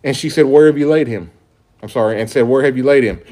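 A pastor preaching an earnest sermon, reading scripture aloud with emphatic stresses. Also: male voice, mid-range voice, fast, warm tone.

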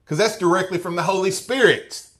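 A man teaches a class through a Bible passage, reading the verses aloud and often checking in with "okay?" or "right?". His voice is high and fairly bright, and he talks a little fast.

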